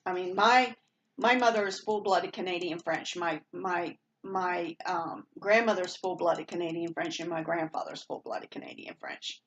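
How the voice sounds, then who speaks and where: A woman's voice: on the low side, fairly even intonation, normal speed, a bit bright, slight background noise. A woman from Maine with a slight Southern twang, chatting casually as a vlogger and rambling with fillers and restarts. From born in Maine, raised partly in Rhode Island. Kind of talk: casual chat.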